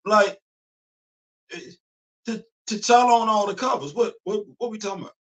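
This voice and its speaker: A man in his fifties talks casually on his own livestream. His voice sits a little high and has a bright, forceful ring. He preaches his points, repeating lines for emphasis and laughing between them. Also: moderate pace. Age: 50s. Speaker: livestream host. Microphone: computer mic on a streaming setup.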